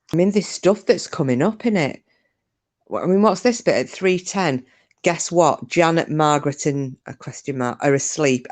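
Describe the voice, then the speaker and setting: A woman's voice: low voice, a little mellow. A British woman hosting a live stream from her sofa at home, chatting casually with a nervous, giggly manner.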